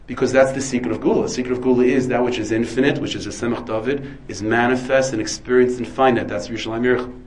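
Rabbi guy lecturing, full of hebrew terms, goes off on tangents, asks himself questions, normal pitch. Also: steady tone, quick pace, few pauses, a little hiss or hum, low-quality recording. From United States. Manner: digressive, asks and answers his own questions; dense with Hebrew and Yiddish terms. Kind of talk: Torah lecture.

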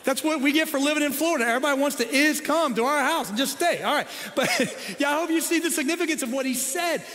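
Middle-aged guy preaching, high voice, goes quiet and low then gets all fired up, church reverb. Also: fast. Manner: dynamic preaching, swinging from soft low tones to excited peaks. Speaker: pastor. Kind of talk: sermon. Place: church sanctuary.

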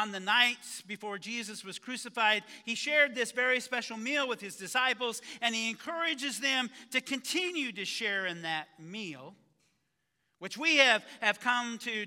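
A man preaching a conversational sermon as a pastor, halting and restarting his phrases. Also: sits high, bright, forceful tone, long reverb tail.

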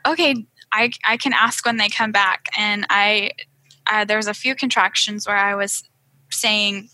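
A woman's voice: medium pitch, fairly even intonation, a little slow, sharp tone, dry recording, rough recording. A young woman chatting earnestly about a recent birth, with many fillers and restarts. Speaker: guest sharing birth story. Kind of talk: casual chat.

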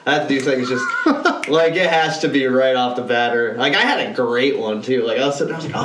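A man's voice: mid-range voice, brisk, a bit bright, reverberant, distant mic, slight background noise, poor audio. A man co-hosting a podcast, telling rambling, profane stories in casual chat and laughing often. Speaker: podcast co-host.

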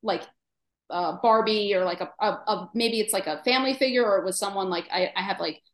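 A woman's voice: mid-range voice, a little fast, roomy sound. A woman nutritionist co-hosting a casual podcast conversation, chatty and full of fillers. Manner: chatty, many fillers, plays inner voices in quotes. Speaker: nutritionist co-host.

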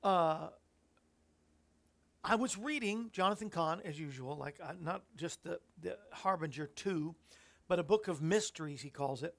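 Male Christian radio host, rough gravelly voice, loose musing scripture commentary. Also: on the high side, unhurried. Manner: reflective, rambling preaching with fillers.

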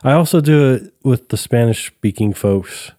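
Laid-back male co-host, slightly low dark voice, casual swearing, dry close sound. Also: moderate pace, no echo. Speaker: podcast co-host. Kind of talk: casual podcast chat.

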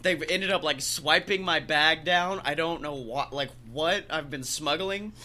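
A young man hosting a podcast in casual chat, telling stories in an animated way and acting out the people in them. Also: on the high side, unhurried. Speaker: podcast host.

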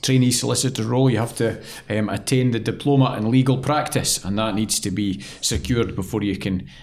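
A man's voice: fairly low pitch, steady tone, brisk, darkish tone. A young man co-hosting a legal podcast, chatty and joking, who explains things step by step. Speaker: podcast co-host, employment lawyer. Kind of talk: casual chat and explaining.

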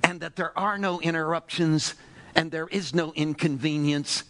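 A man preaching a sermon in an animated, exclamatory way, firing off rhetorical questions and sighing "oh, brother" asides. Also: fairly high pitch, moderate pace.

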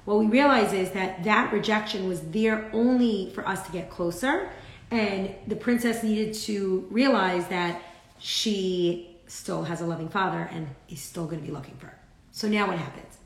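A woman's voice: mid-range voice, normal speed. Chatty woman teaching in a roomy space. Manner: chatty, frequent "like" fillers, acts out quotes. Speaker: Torah teacher. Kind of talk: casual Torah class.

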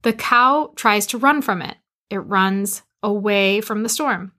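A woman business coach hosting a solo motivational talk, energetic and emphatic, repeating punchy commands, recorded in her barn studio. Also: mid-range voice, slow. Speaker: business coach and podcast host.

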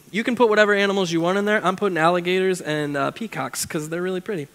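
A man's voice: high-pitched, racing, few pauses, fairly bright tone. A young man preaching a casual sermon, reading scripture aloud and breaking off into chatty, joking asides. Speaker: pastor.

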